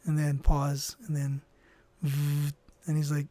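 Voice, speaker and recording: A man with a fairly high voice tells a casual, comedic story while he draws. He rambles in an offhand way and keeps hedging and trailing off. The sound is close and dry, with no room echo. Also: monotone, slow pace, dark tone. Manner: rambling and offhand, full of "you know" and "I don't know". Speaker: storyteller and artist.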